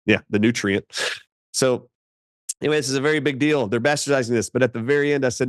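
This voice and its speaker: Man, doctor guest, interview, emphatic animated storyteller, dry sound. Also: a little high, fairly quick, no room sound.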